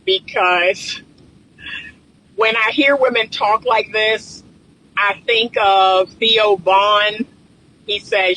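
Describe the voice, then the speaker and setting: High, bright-voiced man giving dating advice. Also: slow, slight background noise, rough recording. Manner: chatty, emphatic, repeats points to drive them home. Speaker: relationship coach. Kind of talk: casual talking-head commentary.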